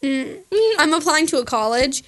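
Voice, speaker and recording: A high-pitched young woman chatting casually as a podcast co-host. She giggles a lot and strings her thoughts together with constant fillers. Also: a bit bright, no room sound. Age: young adult. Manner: giggly, talks fast with lots of fillers, slips into put-on accents. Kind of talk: casual chat.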